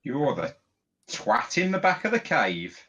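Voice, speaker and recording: A man's voice: a little high, huge pitch swings, unhurried, vocal fry, a bit bright, husky, muffled recording. A man, a player in a tabletop game who answers wryly and defiantly in character. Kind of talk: tabletop role-play.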